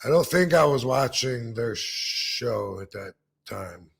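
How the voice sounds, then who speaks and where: A man hosts a podcast and drifts through a long, casual anecdote. He wanders, restarts, and swears freely. His voice sits at an ordinary pitch for a man. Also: animated, slow, creaky, fairly bright tone, husky. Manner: laid-back, rambling with fillers and profanity. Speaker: podcast host. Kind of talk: casual storytelling.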